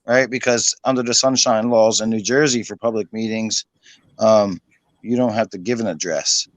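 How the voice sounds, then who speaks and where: A man's voice: on the low side, steady tone, moderate pace, no echo. A man hosting a casual online hangout, telling a long, rambling story full of fillers and casual swearing. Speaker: host of an online hangout stream. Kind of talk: casual chat.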